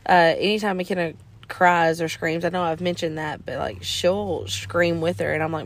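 A woman, co-hosting a podcast and telling stories in a casual, animated way. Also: fairly low pitch, normal speed. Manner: animated, acts out quotes in exaggerated voices. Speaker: podcast co-host. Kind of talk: casual storytelling chat.

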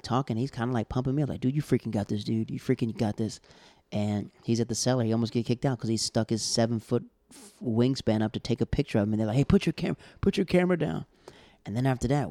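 A man's voice: on the low side, warm tone, no room sound. A man in his thirties, a stand-up comedian, telling a heartfelt story in a rambling way and repeating himself. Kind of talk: casual storytelling.

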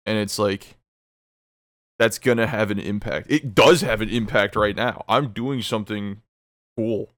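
A man from Illinois co-hosting a casual podcast, excitable and quick to swear. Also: fairly low pitch, dry recording, clean studio sound. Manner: excitable, swearing, sudden outbursts. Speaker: podcast co-host.

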